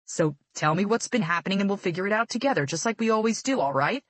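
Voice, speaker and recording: A woman voicing a protective, loving middle-aged father who speaks gently but firmly. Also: medium pitch, lively intonation, fast, no room sound, close to an everyday voice.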